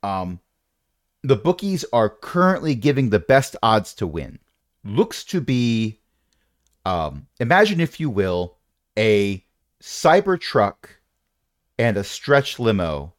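A man's voice: mid-range voice, very animated, slow, long pauses, no echo, clean studio sound. A man narrating a tabletop game as game master, with playful, rambling descriptions and asides.

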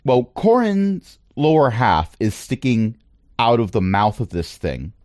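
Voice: medium pitch, very animated, measured pace, darkish tone, no room sound, clean studio sound. A game master narrating the adventure and hosting the stream, with a wry, playful manner.

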